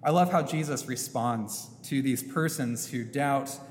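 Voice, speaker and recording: A man preaching a sermon as a priest in a church, slow and emphatic, posing rhetorical questions. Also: mid-range voice. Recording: long church reverb, faint hum.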